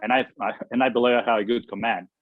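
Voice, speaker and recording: A man from Mexico who speaks English, telling stories as an interview guest in halting sentences full of fillers and restarts. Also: mid-range voice, steady tone, no room sound. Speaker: former baseball pitcher, guest. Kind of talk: storytelling interview answers. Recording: tinny dry phone-like line.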